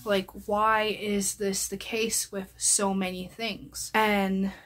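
A young woman talks straight to her viewers in a vlog, earnest and measured. She speaks slowly, taking her time over each thought, with a heartfelt tone at a mid pitch. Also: little pitch movement, fairly bright tone, a little hiss or hum. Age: young adult. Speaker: vlogger. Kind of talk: personal address to viewers.

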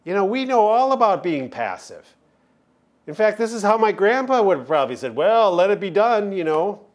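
A man, preaching a sermon as chaplain, earnest and emphatic with dramatic pauses. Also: high-pitched, very animated.

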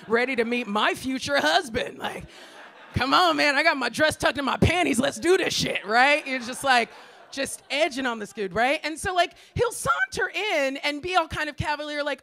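An American woman in her forties doing a stand-up comedy set, brash and profane, ranting in exasperation with sudden shouted outbursts. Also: high-pitched, animated, normal speed. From Los Angeles, US. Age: 40s.

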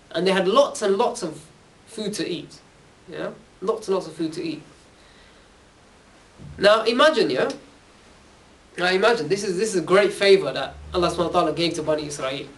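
Young male preacher, chatty and informal, high-pitched, recorded from far off. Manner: chatty, keeps asking "yeah?". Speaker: Islamic preacher. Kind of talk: casual talk to young audience. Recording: voice from far off the mic.

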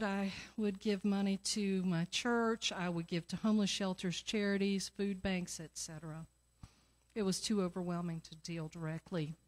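A middle-aged woman in a church sanctuary, telling a lively personal story that leads into the offering and acting out the voices of the people in it. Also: lowish voice. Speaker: church member giving the offering talk.

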